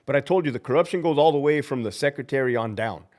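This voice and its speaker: A man's voice: quick pace, darkish tone. A man hosting a live stream as a prison guard, talking in a blunt, fired-up, profane way and acting out quoted people. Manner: acts out quoted people with big pitch jumps. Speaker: livestream host and prison guard.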